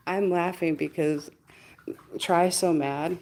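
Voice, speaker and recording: A woman with a lowish, mellow voice speaks very slowly on a casual livestream, with a little hiss or hum in the audio. She welcomes viewers by name, laughs frequently, and mimics others in quotes as she chats.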